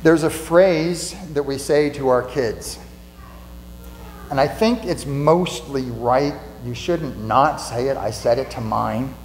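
A pastor giving a conversational sermon in a church, asking rhetorical questions and repeating lines for emphasis. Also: male voice, mid-range voice, takes it slowly. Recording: echoey hall with mains hum.

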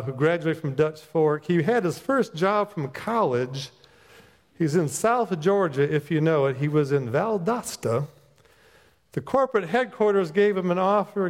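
A man's voice: fairly high pitch, lively intonation, measured pace. A middle-aged man, a chaplain, giving a sermon in a folksy, conversational storytelling manner from a church. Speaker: chaplain pastor. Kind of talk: sermon with personal stories. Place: church sanctuary. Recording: long church reverb.

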